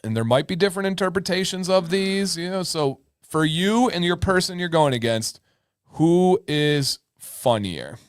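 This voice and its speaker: A man's voice: sits high, animated, fairly quick, few pauses, dry recording, studio quality. A young man co-hosting a live-stream chat show, joking about himself and reading out viewer comments. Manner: jokey, self-deprecating, reads out chat comments. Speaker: podcast co-host.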